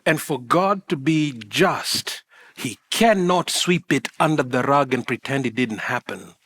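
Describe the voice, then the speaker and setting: A middle-aged man preaching a sermon in a church, animated and acting out little scenes and asides to the congregation. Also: mid-range voice, measured pace. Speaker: pastor.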